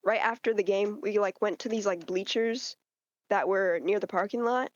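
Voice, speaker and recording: A teenage girl telling a story as a podcast guest in casual chat, animated and acting out what people said. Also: mid-range voice, moderate pace, lo-fi sound. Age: teens. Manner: animated, quotes people in changing voices.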